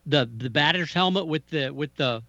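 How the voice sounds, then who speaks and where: A man co-hosting a casual sports podcast, teasing his partner, animated, often repeating words. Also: a little high, moderate pace, no room sound. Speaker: podcast co-host. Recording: dry, dull lo-fi sound.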